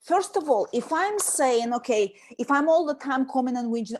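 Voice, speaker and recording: High-voiced woman, animated chat, acts out nagging bits. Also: moderate pace, a little hiss or hum. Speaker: host. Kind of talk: casual talk on communication.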